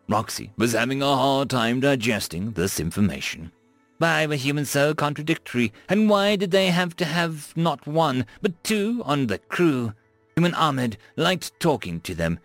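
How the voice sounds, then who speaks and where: A man narrating a science fiction story in an animated storytelling manner. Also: medium pitch, normal speed, no echo, soft background music.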